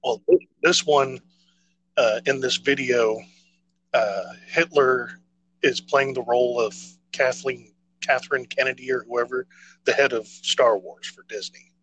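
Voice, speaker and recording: A man with an even, mid-pitched voice rambles through a casual podcast chat, stopping and restarting often. A faint electrical hum sits under the recording. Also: unhurried, dull audio. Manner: rambling, hesitant, many fillers and restarts. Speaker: podcast co-host.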